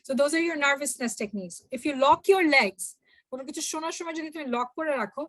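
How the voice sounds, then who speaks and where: A young woman giving a workshop talk, addressing the audience directly in an animated way. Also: sits high, rapid-fire, no room sound. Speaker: workshop speaker. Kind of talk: workshop talk mixing two languages.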